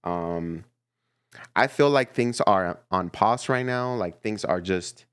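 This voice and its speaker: A man giving a casual, playful tarot reading to his viewers, chatty and quick to laugh. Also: deep voice, fairly bright tone, clean tone, no room sound, studio quality. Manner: chatty and playful, laughs often, repeats himself. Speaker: tarot reader.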